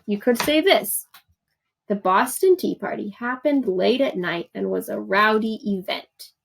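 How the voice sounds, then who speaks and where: Patient woman teacher with vocal fry. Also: mid-range voice, a little slow, slight background noise, low-quality recording. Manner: patient, encouraging, explains step by step with examples. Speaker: third grade teacher. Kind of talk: recorded remote lesson instructions.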